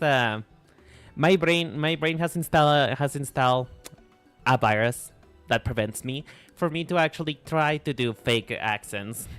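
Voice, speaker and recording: A man with a Mexican accent chats on his live stream, playful and rambling, often restarting his sentences. His pitch swings a lot while he talks. Soft music plays behind him. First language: Spanish. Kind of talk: casual live-stream chat. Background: faint music.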